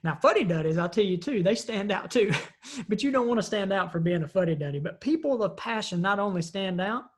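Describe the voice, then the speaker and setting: A woman's voice: medium pitch, animated, fairly quick. A woman who is a parent of three, giving an earnest, conversational motivational talk full of storytelling. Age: parent of three kids. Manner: earnest, conversational, acts out voices in stories. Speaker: leadership speaker.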